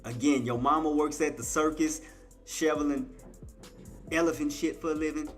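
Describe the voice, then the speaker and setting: A man streaming live trading commentary, coaxing and trash-talking the chart, shifting between low muttering and loud playful outbursts. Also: fairly even intonation, normal speed, long pauses, faint music behind. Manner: coaxes and taunts the price chart, swinging from muttering to loud outbursts; playful trash talk with laughter.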